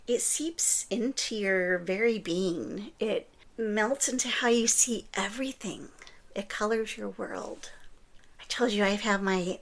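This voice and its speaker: A woman hosting a podcast, talking earnestly and encouragingly, often dropping into a breathy whisper. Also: medium pitch. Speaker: podcast host. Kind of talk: scripted podcast monologue.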